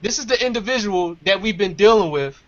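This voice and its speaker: A man's voice: high voice, expressive, a little fast, a bit bright. A man telling a story in casual talk, emphatic and repeating his phrases. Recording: dull lo-fi sound.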